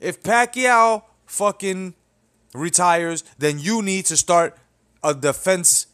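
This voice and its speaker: Though his rant is blunt, heated, and profanity-filled, this young boxing channel host speaks slowly in a high, clear, resonant voice that's a bit bright. He repeatedly checks in with "you know what I'm saying."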